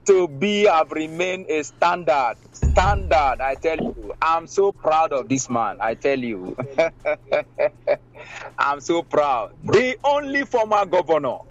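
A Nigerian man calls in to a radio show and speaks with lively enthusiasm. His voice moves a lot, and the muffled, lo-fi phone line dulls it. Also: a little high, slow pace, soft background music. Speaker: radio caller.

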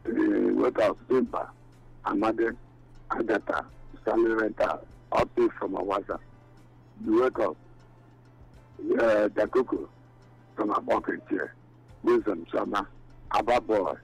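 A man's voice: lowish voice, slow pace, gravelly, pauses often, husky, no room sound. A Nigerian man phoning a radio show, calling out long greetings to listeners by name. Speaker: caller. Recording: phone call into radio show with music.

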